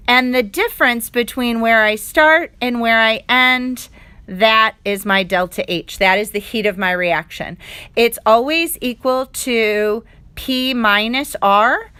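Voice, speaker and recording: A woman teaching a chemistry review, her voice bright and crisp. She is upbeat and walks through each step, throwing in playful sound effects. The recording is dry and close. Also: on the high side, no room sound. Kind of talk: live online review lesson.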